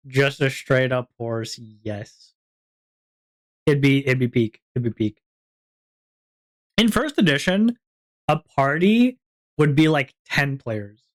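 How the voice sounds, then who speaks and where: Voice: mid-range voice, animated, slow pace, pauses often. Giggly, rambling streamer. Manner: rambling, giggly, lots of fillers. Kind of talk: casual stream chat.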